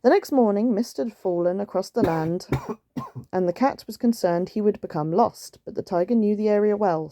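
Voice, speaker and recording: A woman reading a picture book aloud in a gentle, soothing way, with chatty asides. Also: medium pitch, normal speed, no room sound. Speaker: storytime reader.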